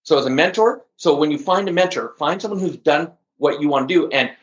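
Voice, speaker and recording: A man speaking as a guest on an interview podcast, telling stories with high energy and emphasis. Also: fairly quick. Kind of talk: interview conversation. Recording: echoey, dull lo-fi audio.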